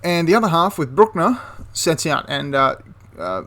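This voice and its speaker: A man's voice: on the high side, animated, normal speed, fairly bright tone. A young man casually retelling a wartime history story, chatty and prone to correcting himself mid-sentence. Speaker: history channel host.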